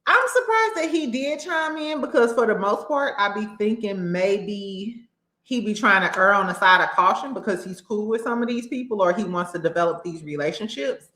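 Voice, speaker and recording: A woman hosting a casual recap show, animated and laughing often as she acts out what people said. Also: medium pitch, moderate pace, reverberant. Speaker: host.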